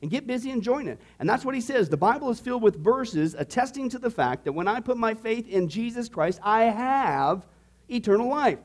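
High-pitched guy teaching a bible class, jokey, keeps asking the room "okay?". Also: animated, a little fast. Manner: playful, jokey, with frequent "okay?" asides to the class. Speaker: pastor teaching a discipleship class. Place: classroom with live students.

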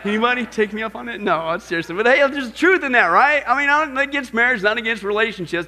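Guy preaching a sermon, kinda high bright voice, jokey, keeps asking the crowd questions. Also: quick pace, few pauses. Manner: animated, joking, rhetorical questions to congregation. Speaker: pastor.

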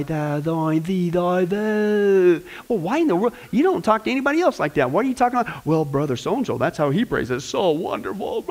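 A man preaching a church teaching sermon as pastor, lively and full of joking asides to the congregation. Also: high voice, low-quality recording.

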